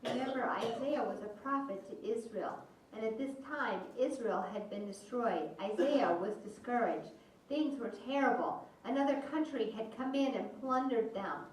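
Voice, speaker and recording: Woman preacher, higher voice, slow and measured, heard from far off in a roomy hall. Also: a little mellow. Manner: slow, measured phrasing with pauses. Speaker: voice interpreter for a sermon. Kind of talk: sermon. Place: church sanctuary. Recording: distant, echoey church hall, faint hum.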